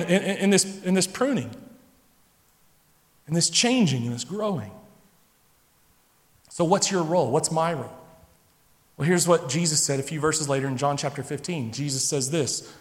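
A middle-aged man preaching a sermon to a congregation, animated, now and then acting out the voices of his listeners and his children. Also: fairly high pitch. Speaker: pastor. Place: church sanctuary. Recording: long reverb of a large hall.

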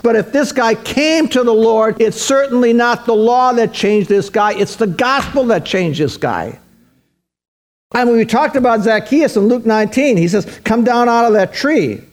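A male pastor preaching an animated sermon, acting out the voices of biblical figures as he retells their stories. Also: high-pitched. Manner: animated preaching, voicing biblical characters in quotes.

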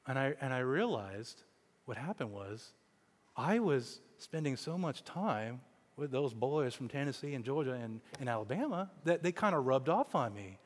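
A man from Kansas in his forties, a pastor preaching a sermon in an animated way, often repeating words as he starts a thought. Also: mid-range voice, normal speed, long reverb tail. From Kansas, USA.

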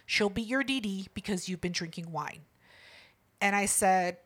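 A woman's voice: medium pitch, a little slow, a bit bright. A woman co-hosting a casual podcast, blunt and teasing, swearing freely. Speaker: podcast co-host.

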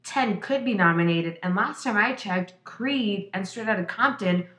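A woman's voice: mid-range voice, normal speed, fairly bright tone. A woman from Mexico co-hosting a casual chat, talking bluntly and with plenty of swearing. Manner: blunt, profane and emphatic. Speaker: podcast co-host. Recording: echoey room.

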